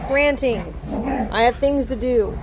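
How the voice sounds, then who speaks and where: A woman's voice: on the high side, measured pace, heavy background noise. A woman at home, curt and dismissive, trying to end an argument. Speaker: streamer. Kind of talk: argument on a livestream.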